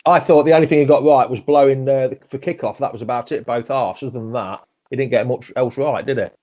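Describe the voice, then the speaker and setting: A man's voice: medium pitch, fast talker, mellow. Chatty man hosting a fan show. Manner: chatty, friendly, asks many tag questions. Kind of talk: live fan chat show.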